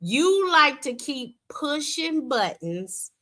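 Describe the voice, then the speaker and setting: A woman's voice: high voice, sing-song, slow pace, sharp tone. A woman hosting a livestream, arguing with a guest in a sassy, dismissive, mocking way. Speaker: livestream show host. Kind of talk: heated livestream debate.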